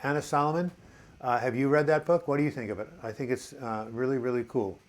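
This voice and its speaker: A man's voice: mid-range voice, fast. A man hosting a casual live video chat, reading out viewers' comments and answering them in a rambling, encouraging way. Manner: chatty and rambling, reads viewer comments aloud; encouraging, addresses viewers as boys and girls.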